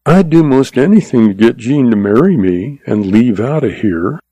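A man voicing a shrewd young cowboy who mutters his thoughts quietly. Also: mid-range voice, expressive, moderate pace, husky, no room sound. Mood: musing. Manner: quiet, musing.

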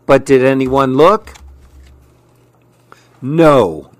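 A man reading children's storybooks aloud in a gentle, expressive way with playful emphasis. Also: medium pitch, very slow, no echo.

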